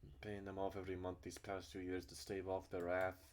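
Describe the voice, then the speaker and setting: Self-loathing middle-aged uncle, deep voice, anguished self-pitying outbursts, guilt-ridden, loud cracking cries of remorse, as a man reads him out in his own low voice. The lines run heavy with despair and bitterness, and he never lets anyone comfort him. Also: monotone, fairly quick, close to an everyday voice. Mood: weary.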